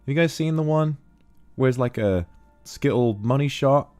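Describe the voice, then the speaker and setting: A man's voice: mid-range voice, moderate pace, darkish tone, clear, resonant tone, soft background music. A man chatting casually on a livestream, reading viewer donations and calling them darling. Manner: affectionate, calls viewers darling.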